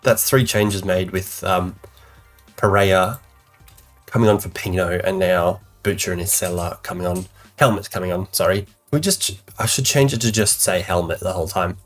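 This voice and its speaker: A man's voice: deep voice, normal speed, soft background music. A man giving live commentary on his own football management game, calling plays and venting frustration as he goes. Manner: animated, exasperated play-by-play commentary. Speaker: gaming YouTuber.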